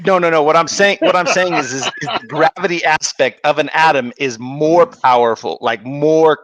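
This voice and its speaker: A man in casual livestream chat, excitable and stammering as he jokes about science theories. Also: fairly high pitch, moderate pace, a loud crowd.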